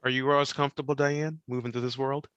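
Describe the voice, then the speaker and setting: A man hosting a radio panel, putting questions to guests in an animated, inviting way. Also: medium pitch, fast talker, smooth, no room sound, highs cut off. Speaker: radio host. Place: radio studio.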